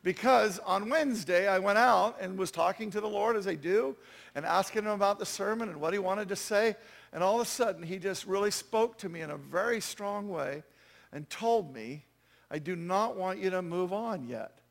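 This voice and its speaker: A man's voice: high voice, normal speed, vocal fry. A man preaching a sermon as pastor, conversational and self-deprecating, with frequent asides to the congregation.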